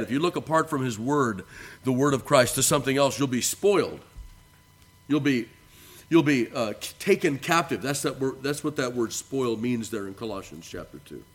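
A man preaching a sermon with earnest emphasis, his voice rising on key words and falling quiet at the ends of phrases, and reading scripture in a declaiming tone. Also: mid-range voice, animated, moderate pace. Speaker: pastor.

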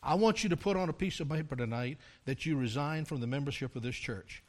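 Speaking at a quick pace in a high-leaning voice, an older man preaches a sermon that tells of his years as a pastor and climbs to loud, emphatic high points.

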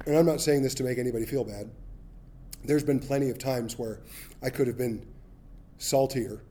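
A man's voice: mid-range voice, moderate pace, warm tone. A middle-aged man preaching a sermon, telling a Bible story with humor and acting out voices. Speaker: pastor.

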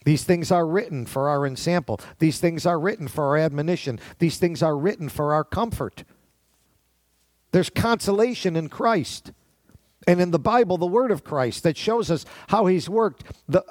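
A man's voice: fairly high pitch, expressive, normal speed, darkish tone, no room sound. Fervent male pastor preaching. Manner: fervent preaching, reads scripture aloud, acts out quoted voices. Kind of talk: sermon.

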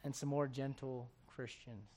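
A male pastor preaching a sermon, swinging between shouted intensity and hushed, gentle tones. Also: mid-range voice, steady tone, a little slow.

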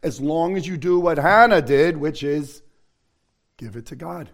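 A pastor preaching an earnest, confessional sermon, dropping to a hush and rising to emphatic lines. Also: male voice, on the high side, unhurried, gravelly.

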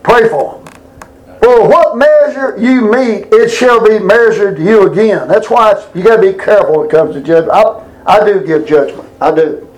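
High-voiced preacher in echoey church. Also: male voice, moderate pace, hardly any pauses, far from the mic. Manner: folksy down-home preaching with congregation call-and-response. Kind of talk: sermon. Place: church sanctuary.

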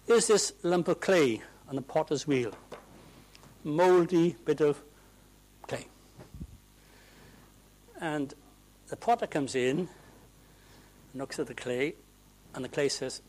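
A preacher delivers a sermon, his voice sitting fairly high for a man. He moves from quiet, confiding asides to loud, emphatic declarations, and it all rings out in a church. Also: slow, pauses often, poor audio. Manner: emphatic, swings from hushed asides to loud ringing proclamations.

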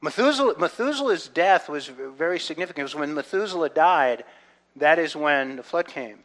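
A man's voice: fairly high pitch, brisk. Earnest man teaching the Bible. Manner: earnest, often checks in with "right?"; swings between soft reflective and loud excited delivery.

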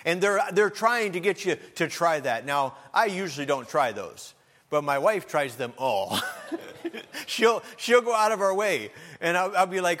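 A man's voice: on the high side, very animated, unhurried, a bit bright. A man preaching a sermon, telling folksy stories and rising into emphatic appeals. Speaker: pastor. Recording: long hall reverb.

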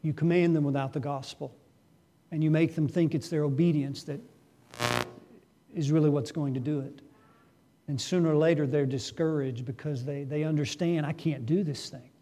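A man's voice: fairly high pitch, steady tone, moderate pace, pauses often, warm tone. A man preaching a sermon earnestly, asking his listeners questions and suddenly raising his voice for emphasis. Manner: asks the congregation rhetorical questions. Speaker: pastor.

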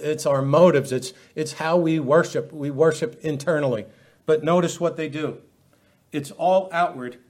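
A man's voice: on the high side, darkish tone. A middle-aged male preacher delivers a sermon in a slightly raised voice. He talks emphatically and keeps putting pointed questions to his listeners. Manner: emphatic, many rhetorical questions.

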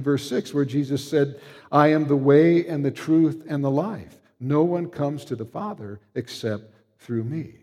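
Guy preaching a sermon, earnest, leans hard on key words, mellow dark voice, big echoey hall. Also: fairly high pitch. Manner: earnest, emphatic, slows down to stress key words. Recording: long hall reverb.

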